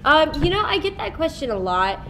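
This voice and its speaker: Young actress, chatty and giggly, a touch high-pitched, on a noisy convention hall mic. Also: female voice, big pitch swings, brisk. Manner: giggly, chatty, many fillers. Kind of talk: fan convention panel Q&A.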